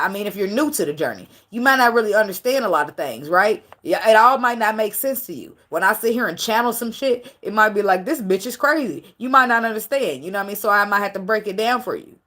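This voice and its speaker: Talking casually to her viewers during a tarot reading monologue, this woman has a medium-pitched, slightly bright voice. She comes across as preachy and profane, and emotional when it comes to her faith.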